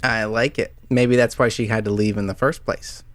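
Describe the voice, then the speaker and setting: A man's voice: on the low side, fairly even intonation, normal speed, a bit bright. A man hosting a podcast as game master, chatting casually with many fillers and restarts, his voice slightly worn. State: voice slightly going out. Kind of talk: casual chat about tabletop games.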